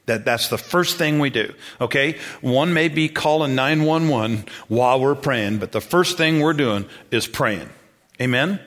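A man's voice: a little high, a bit bright. A man who is a senior pastor preaching a sermon in a conversational way, often repeating himself and checking in with the congregation.

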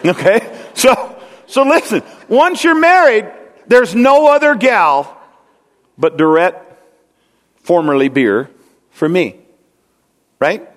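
A man's voice: extremely high pitch, a little slow, pauses often, fairly bright tone. A man preaching a conversational, rambling sermon to his congregation, often asking them questions. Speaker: pastor. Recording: long hall reverb.

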